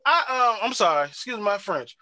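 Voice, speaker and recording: A man's voice: high voice, very animated, a little fast, pushed and bright, voice pushed up, exaggerated voice. A man voicing an exasperated young man in disbelief, slangy and incredulous, in a casual retelling.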